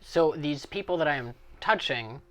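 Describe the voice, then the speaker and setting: A man's voice: a little high, lively intonation, moderate pace, fairly bright tone, slight background noise. A man playing in a tabletop role-playing game, arguing his case insistently. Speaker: player. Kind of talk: casual role-play chat.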